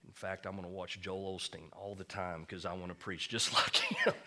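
A man's voice: sits low, flat delivery, moderate pace, pushed and bright. A male pastor, preaching a sermon through a folksy, self-deprecating personal story, laughing often.

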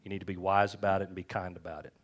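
A pastor preaches a folksy, joking sermon and calls on the congregation for amens. His voice sits low, with a flat delivery and a rapid-fire pace.

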